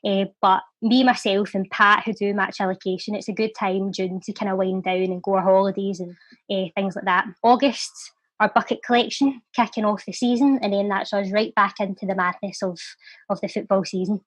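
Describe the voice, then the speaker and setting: A woman's voice: mid-range voice, steady tone, brisk, no echo. A young woman with a Glaswegian accent, chatting casually and reciting her poetry with a rhythmic lilt. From Scotland. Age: young adult. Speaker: poet and charity volunteer. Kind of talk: casual chat and poetry reading.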